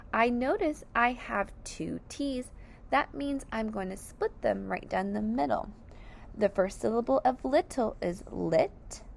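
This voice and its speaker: A woman's voice: on the high side, vocal fry, a little mellow. A woman teaching phonics to young children, patiently sounding out each word letter by letter.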